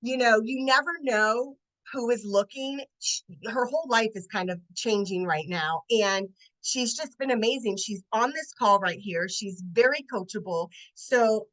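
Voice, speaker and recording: A woman in her late forties, a network marketing consultant, telling an animated sales story on a team training video call. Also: fairly high pitch, a little slow, rough recording. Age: 40s. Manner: animated, acts out voices in her stories.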